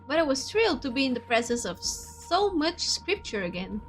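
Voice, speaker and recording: A fairly high-voiced woman streamer whose first language is Portuguese reads a visual novel aloud, breaking off for chatty, giggly asides to her viewers. Faint game music plays underneath her voice. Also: big pitch swings, moderate pace, fairly bright tone, husky. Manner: chatty, giggly, switches between reading and asides.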